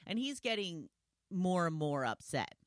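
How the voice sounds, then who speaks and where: A woman's voice: lowish voice, big pitch swings, unhurried, dry recording, clean studio sound. A woman hosting a solo podcast, talking conversationally and retelling scenes with quoted lines. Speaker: podcast host.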